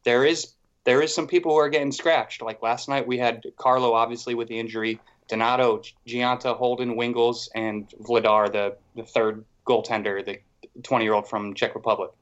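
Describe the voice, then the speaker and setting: With highs cut off in the audio, a medium-pitched man talks hockey at a normal speed as a podcast co-host. His casual sports chat is animated and rambling, packed with fillers.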